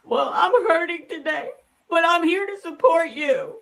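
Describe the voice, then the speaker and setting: A distraught woman , put on by a woman in a comedy skit pitches her voice very high. It cracks and wobbles as though sobs are about to break through, high-strung and wounded. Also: expressive, unhurried, gravelly, fairly bright tone, exaggerated voice, rough recording. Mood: tearful. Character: tearful, distraught grown woman.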